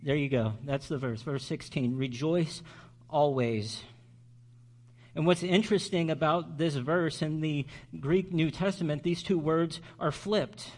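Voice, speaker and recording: A man preaching a sermon as pastor, earnest and slowing down on key words for emphasis. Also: a little high.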